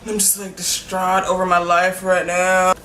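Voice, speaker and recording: A young woman vlogger rambles casually, giggling and apologizing while stringing her thoughts together with lots of "like." Her voice is lowish and monotone at a moderate pace, and the echoey room carries faint ambience along with a noisy background.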